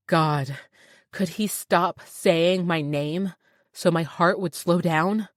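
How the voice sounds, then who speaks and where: A woman reading a first-person romance audiobook in an expressive, wry manner. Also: deep voice, slow pace, no room sound, clean studio sound. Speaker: audiobook narrator.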